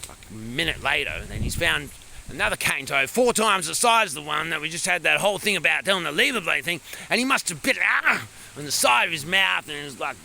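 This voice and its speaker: A man with a broad Australian accent rambles through a comic monologue as a larrikin bushman. His voice is gravelly and swings widely in pitch. It is recorded outside in the countryside with plenty of background noise. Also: sharp tone. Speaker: comedy character vlogger. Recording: noisy outdoor recording.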